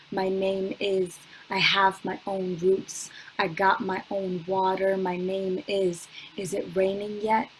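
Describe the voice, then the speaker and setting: Young woman poet, spoken word reading, unhurried and level, computer mic on a video call. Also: medium pitch, a little hiss or hum, rough recording. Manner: slow, measured delivery with long pauses, chatty with fillers between poems.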